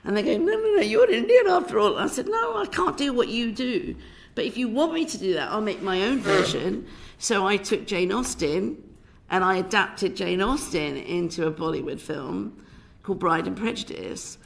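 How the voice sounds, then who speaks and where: A middle-aged British film director gives passionate, emphatic evidence to a parliamentary committee in a committee room. Her British-accented voice is medium-pitched, expressive and creaky, at a normal speed, and she often restarts her sentences.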